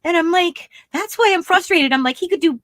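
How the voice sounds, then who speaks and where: A woman co-hosting a podcast, chatting in an animated, exasperated way with lots of fillers. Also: very high voice, brisk, dry recording, studio quality. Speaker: podcast co-host. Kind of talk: casual chat.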